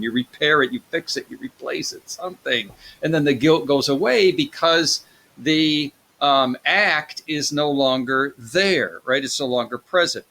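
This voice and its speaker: A man's voice: on the high side, pushed and bright. A man giving a casual, rambling psychology lecture, full of fillers and restarts. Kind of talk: recorded classroom lecture.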